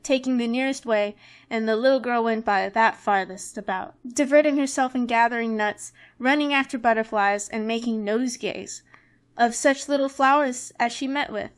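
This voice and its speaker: Woman reading a fairy tale out loud, calm even storytelling, higher voice. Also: moderate pace. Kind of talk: storybook read-aloud.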